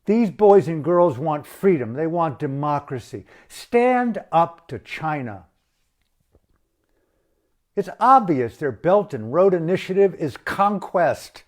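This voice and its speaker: Male activist, slightly high voice, furious profane rant to camera. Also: very animated, slow, a little mellow. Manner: blunt, profane, outraged. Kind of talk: impassioned political rant.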